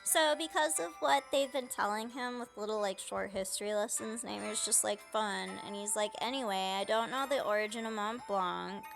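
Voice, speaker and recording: A woman's voice: medium pitch, normal speed, gravelly, few pauses, soft background music. Casual woman translating a game aloud. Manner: paraphrases dialogue casually, reads punctuation aloud. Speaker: let's play host translating a game. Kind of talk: casual live translation commentary.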